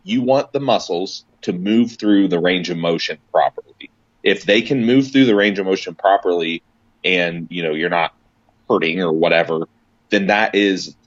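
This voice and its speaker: A man talking casually about fitness and warm-ups in a podcast chat, rambling and emphatic with many restarts. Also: deep voice, dry recording, muffled recording.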